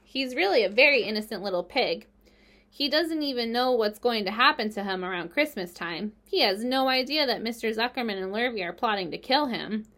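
A knowing mother goose in a storybook, wry and quietly amused, as a woman reading aloud puts her on. She speaks in a confiding, knowing tone, a little higher than most women's voices. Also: animated, brisk.

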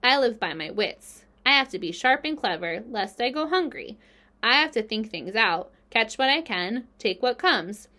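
A woman's voice: on the high side, sing-song, normal speed, pushed and bright. Woman doing a clever female spider, storybook, thin pleasant voice, composed, matter-of-fact. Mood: frank.

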